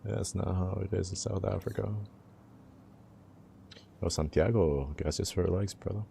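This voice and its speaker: A young man hosting a casual livestream, his voice low and gravelly with a dark, mellow tone. He teases his chat in a relaxed, playful way and laughs easily, while a faint hiss sits behind him. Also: normal speed. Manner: teasing, laid-back banter with chat, laughs often.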